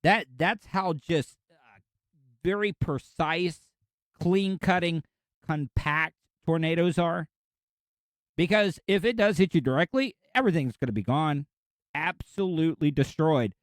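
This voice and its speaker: A man's voice: a little high, lively intonation, a little slow, no room sound. Rambling Florida podcast host in his forties. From Florida, USA. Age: 40s. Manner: rambling, opinionated, conversational. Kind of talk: casual solo podcast monologue.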